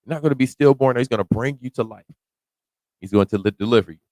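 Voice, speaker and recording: A man's voice: medium pitch, dry recording. Dry-miked man preaching verse by verse. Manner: reads scripture slowly then riffs in casual slang, rising to shouts. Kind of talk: verse-by-verse sermon.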